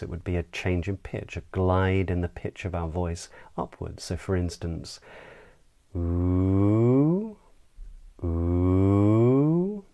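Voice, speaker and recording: A man, a voice coach, giving a measured, explanatory lesson on intonation. He demonstrates pitch glides with sung sounds as he explains. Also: darkish tone. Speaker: voice and speech coach.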